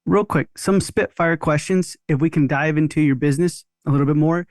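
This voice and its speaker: Guy hosting a podcast, kinda high voice, dry close sound, keeps asking quick follow-ups. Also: darkish tone, no echo. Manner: curious, quick follow-up questions. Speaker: podcast host. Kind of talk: interview questions.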